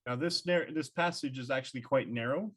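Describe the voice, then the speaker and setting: A man's voice: mid-range voice, fairly quick, fairly bright tone, breathy edge. A man narrating as dungeon master of a live-streamed tabletop game, describing scenes with small fillers.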